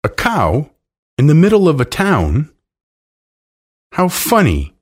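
A man's voice: fairly low pitch, wildly swooping pitch, measured pace, darkish tone, exaggerated voice. A man voicing a curious, eager young girl. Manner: pleading, eager.

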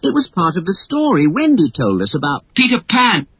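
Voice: mid-range voice, wildly swooping pitch, moderate pace, fairly bright tone, slightly rough, dry recording, voice pushed up, heavily acted. An earnest little boy, as a narrator puts him on. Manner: earnest, explanatory. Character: earnest small boy explaining.

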